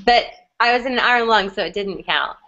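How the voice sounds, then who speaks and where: A woman's voice: medium pitch, a little fast, bright, forceful tone. A young woman co-hosting a casual live-stream fan chat, wry and joking, a bit worn out and unwell. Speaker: co-host of a fan chat show. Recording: dull lo-fi webcam audio.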